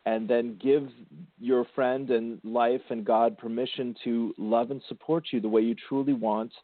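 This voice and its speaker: A man's voice: mid-range voice, fairly even intonation, a little slow, no room sound. A man hosting a spiritual radio show, counseling a caller in a soothing, affectionate way. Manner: soothing, affectionate, calls caller sweetie and darling. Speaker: spiritual intuitive radio host. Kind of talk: gentle spiritual counseling chat. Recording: tinny phone-line sound.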